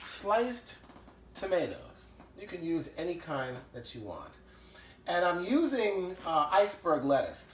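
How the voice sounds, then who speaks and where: A man's voice: on the high side, reverberant, slight background noise. A man hosting a casual home cooking show, talking chattily and enthusiastically with lots of fillers as he works in his kitchen.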